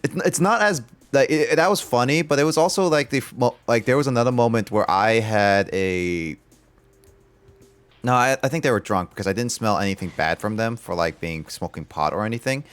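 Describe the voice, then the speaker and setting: Fairly quick and smooth, this young man's mid-range voice carries casual gameplay commentary as he streams. He rambles through the game and spins a long story, often restarting and using fillers.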